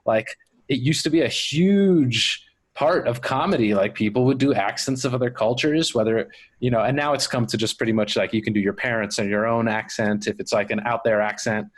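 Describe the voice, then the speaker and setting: A man's voice: mid-range voice, fairly quick. A man hosting a casual podcast chat, talking in a reflective, rambling way. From Miami area comedy scene. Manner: reflective, rambling, overthinks aloud. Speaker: podcast host.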